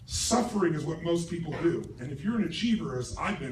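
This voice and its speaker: A middle-aged man speaks at a live seminar, asking a large audience questions and swearing freely. His voice sits high for a man and is forceful throughout. The recording catches him from a distance in a roomy hall, with loud background noise. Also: big pitch swings, fast talker. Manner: forceful, profane, asks the crowd questions. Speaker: motivational speaker. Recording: roomy stage recording from far off, noisy.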